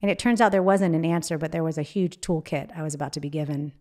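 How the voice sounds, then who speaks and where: Emotional woman with a lowish voice. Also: darkish tone. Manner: emotional, halting, with frequent restarts. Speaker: guest, author. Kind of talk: candid interview conversation.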